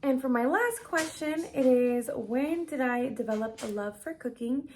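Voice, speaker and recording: A woman's voice: sits high, expressive, normal speed, slight background noise. A young woman chatting her way through a makeup tutorial and Q&A, bubbly and chatty, sometimes whispering asides. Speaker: beauty vlogger. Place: home room lit by ring lights.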